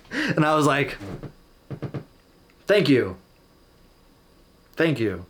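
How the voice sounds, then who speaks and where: A man's voice: on the high side, sing-song, very slow, fairly bright tone, slight background noise. Candid man reacting to his own footage. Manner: candid, self-deprecating, conversational. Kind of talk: casual reaction commentary.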